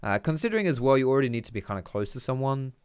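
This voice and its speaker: A man's voice: medium pitch, very animated, rapid-fire, smooth, no echo, clean studio sound. A young man giving casual, chatty commentary over his own gameplay, swearing and tossing out teasing asides.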